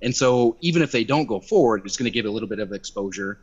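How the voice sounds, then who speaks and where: A young man telling a story in casual chat on a video call, animated and swearing, acting out quotes in a louder voice. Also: lowish voice, fast talker, husky. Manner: animated, swearing, acts out quotes by raising his voice. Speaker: activist guest. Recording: dull lo-fi video call audio.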